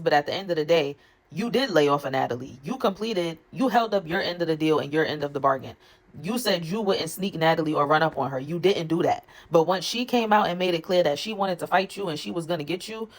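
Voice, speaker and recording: A woman recapping a reality show episode in a blunt, gossipy, profane way. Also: lowish voice. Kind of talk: casual recap vlog.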